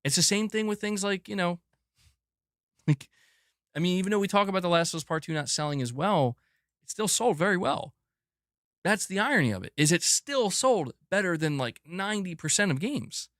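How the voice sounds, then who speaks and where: A man hosting a gaming news livestream, ranting emphatically with lots of swearing, swinging from loud bursts to muttered asides. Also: high-pitched, lively intonation, normal speed, dry recording, clean studio sound. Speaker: gaming news channel host. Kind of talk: livestream commentary rant.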